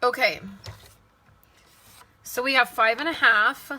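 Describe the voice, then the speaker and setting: A woman's voice: a little high, slow, bright, forceful tone, slight background noise. A woman leading a casual live card-making demonstration, chatting and thinking aloud as she works and answering viewers' comments. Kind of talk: casual live crafting demo.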